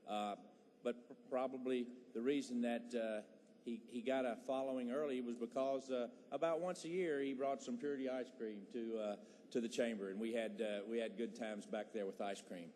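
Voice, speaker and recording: A man's voice: medium pitch, steady tone, moderate pace, mellow. A male legislator gives a hesitant tribute speech full of fillers on the floor of a large chamber. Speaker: state legislator. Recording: faint noise, long hall reverb.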